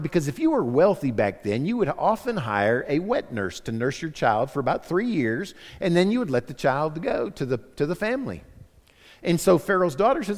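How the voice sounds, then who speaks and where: A middle-aged man preaching a sermon as the pastor, telling the story in a lively, animated way. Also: high-pitched, normal speed. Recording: long hall reverb.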